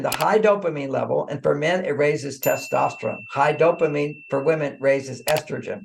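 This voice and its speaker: A man with a somewhat high voice and a gravelly, creaky edge talks as a guest in a podcast interview. He explains in an animated, conversational way, breaking into small chuckles. He often stumbles and repeats words before finishing his thought. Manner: animated, acts out dialogue, frequent chuckles. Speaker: author guest.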